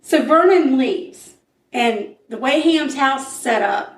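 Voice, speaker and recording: A woman narrating a true crime case in a relaxed, conversational way, slipping into the characters' lines as she tells it. Her voice sits a little high, and it lands in a roomy space with the mic at some distance. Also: slow pace, a little hiss or hum. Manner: animated retelling with acted-out quotes. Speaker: podcast co-host telling a true crime case. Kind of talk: casual storytelling chat.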